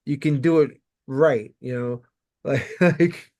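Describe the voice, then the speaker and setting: A man hosting an interview, talking in relaxed, jokey banter. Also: medium pitch, takes it slowly. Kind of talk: casual conversation.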